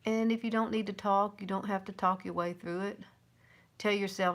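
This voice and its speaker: A woman's voice: medium pitch, fairly even intonation, normal speed, fairly bright tone. A woman over fifty from the American South, with a Southern accent, giving a chatty, encouraging live makeup tutorial. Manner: chatty and encouraging, with little laughs. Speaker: makeup vlogger.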